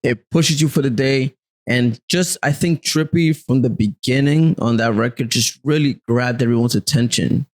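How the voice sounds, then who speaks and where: A reserved young man speaking softly as a podcast guest, in casual chat with lots of fillers. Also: mid-range voice, normal speed, rough recording. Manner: soft-spoken, reserved, many fillers. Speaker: podcast guest, music producer.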